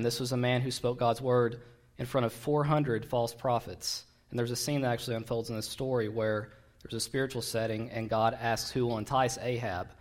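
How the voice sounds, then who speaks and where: A man preaching a sermon, retelling a Bible story in a conversational, digressive way with wry asides. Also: mid-range voice.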